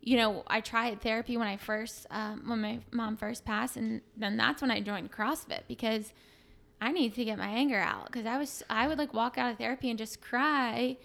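A woman's voice: fairly high pitch, steady tone, normal speed, creaky, fairly bright tone. A young adult woman, a fitness coach and podcast guest, talking casually and openly, with many fillers. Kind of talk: casual emotional conversation.

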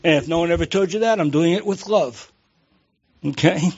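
High-voiced jokey preacher, dull recording. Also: male voice, moderate pace, a little mellow, breathy edge. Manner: jokey, conversational, asks the congregation questions. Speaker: pastor. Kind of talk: sermon.

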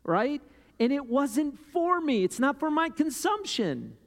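A man preaching a sermon in a loose, conversational way, often checking in with "right?" and climbing in pitch and volume as he gets worked up. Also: very animated, a little slow. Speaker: pastor. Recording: long hall reverb with guitar playing underneath.

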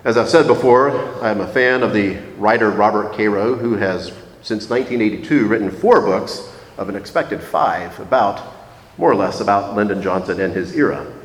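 A man preaching a reflective, measured sermon, slowing down to stress key phrases. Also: lowish voice. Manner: measured, reflective, slows for emphasis. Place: church sanctuary. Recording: echoey church hall.

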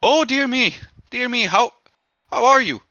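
A man's voice: very high-pitched, expressive, a little slow, pushed and bright, dry recording, muffled recording, voice pushed up, full character voice. A man putting on a fussing, stout woman priest. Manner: fussing, doting.

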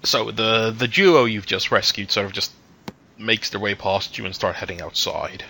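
Man, game master, low pitch, bright tone, descriptive, filler-heavy narration. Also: normal speed, vocal fry, slight background noise. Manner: descriptive, hesitant, many fillers.

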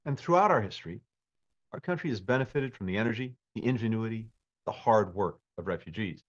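A man giving a measured, formal prepared statement as a government official. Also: fairly low pitch, lively intonation, highs cut off.

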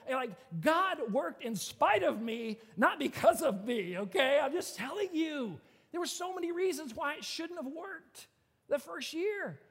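High-voiced pastor in a reverberant hall. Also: male voice, measured pace. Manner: animated, conversational, many filler "like"s. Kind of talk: storytelling sermon.

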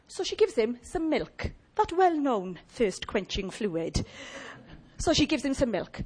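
A woman preaching a lively, humorous sermon and chatting with her audience. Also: high-pitched, unhurried, slightly rough.

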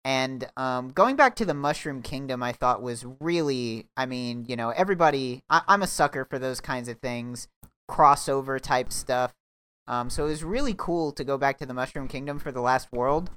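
A man's voice: medium pitch, moderate pace, a bit bright, clean tone. A man hosting a loose, comedic game-review podcast. He keeps the talk moving and steers it to the next point, with an easy, offhand manner. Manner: leads the talk, loose and joking. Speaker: podcast host.

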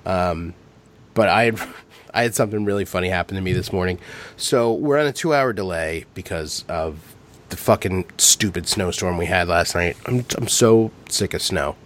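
Low-voiced man swearing through casual chat. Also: moderate pace. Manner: crude, swears freely, laughs through stories. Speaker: podcast host.

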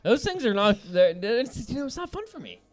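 A man with a high, very lively voice tells a long, meandering story on a podcast. He swears freely and keeps breaking into laughter. Soft music plays faintly underneath. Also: fairly quick. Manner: rambling, profane, laughing often. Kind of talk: casual storytelling chat.

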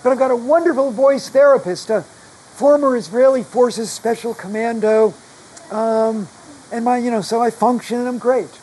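At a normal pace, a guest author with a very high-pitched, slightly mellow voice tells stories casually in a live conversation, chatty and self-deprecating. Long covid has damaged his voice. Slight background noise sits under a rough recording.

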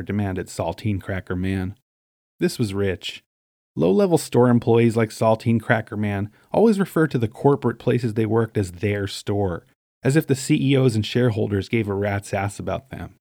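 A middle-aged man from Staten Island, New York, narrating his memoir in a dry, wry, deadpan way. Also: fairly low pitch, normal speed, no echo.

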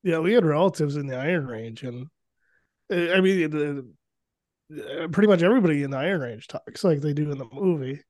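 A man's voice: a little high, normal speed, darkish tone, no room sound, clean studio sound. A man in casual podcast chat, easygoing and laughing lightly between thoughts. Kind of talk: casual movie-discussion chat.

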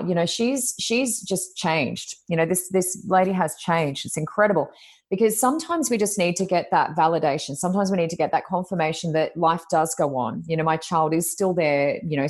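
Chatty lady medium, lowish voice, you know-ing a lot, acts out the quotes. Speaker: psychic medium, guest. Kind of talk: casual interview storytelling.

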